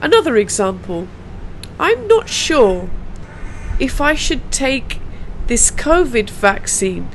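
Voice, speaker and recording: British woman, pronunciation teacher, higher voice, slow deliberate delivery, faint noise behind. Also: big pitch swings, poor audio. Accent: British English. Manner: slow, carefully drilled pronunciation with repeated sounds. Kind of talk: pronunciation lesson.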